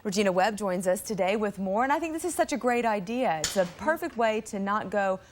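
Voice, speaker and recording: A woman's voice: mid-range voice, animated, fairly quick, a little hiss or hum. A woman hosting a daytime TV segment, prompting her guest with questions and many affirming fillers, heard from worn old videotape. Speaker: TV show host. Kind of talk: midday TV segment interview.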